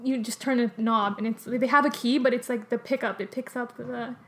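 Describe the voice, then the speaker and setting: Animated young woman telling a story. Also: a little high, brisk, a little hiss or hum. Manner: animated, full of "like" and laughter. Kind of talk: casual storytelling chat.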